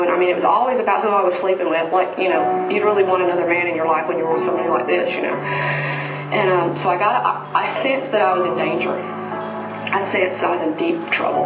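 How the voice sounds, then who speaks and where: A woman's voice: fairly low pitch, muffled recording. Earnest woman in a distant echoey clip. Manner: earnest, halting, many fillers. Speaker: abuse survivor giving testimony. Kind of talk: personal testimony. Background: loud music bed.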